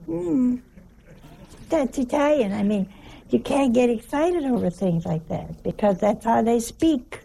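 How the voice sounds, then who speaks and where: A religious sister giving a folksy sermon, chatty and joking, with plenty of rhetorical questions. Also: female voice, fairly high pitch, lively intonation, unhurried, vocal fry, warm tone, breathy edge.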